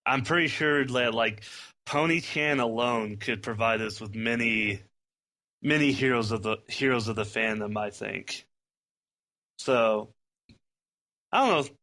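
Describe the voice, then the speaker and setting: A man's voice: mid-range voice, unhurried, pauses often, bright, forceful tone. A man co-hosting a fan podcast in casual, rambling chat, full of swearing and restarts. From US Midwest. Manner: rambling, profane, laughs often. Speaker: primary podcast co-host.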